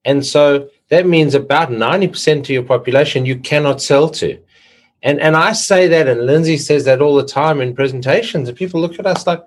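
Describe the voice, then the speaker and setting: A man's voice: on the high side, brisk. Male host who restarts his sentences. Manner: restarts sentences, repeats words. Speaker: podcast host. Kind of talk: interview chat.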